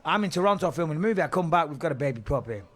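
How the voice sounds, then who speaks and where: High-voiced man telling a comic story. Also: rapid-fire. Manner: animated, swears freely, acts out quotes. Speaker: podcast guest.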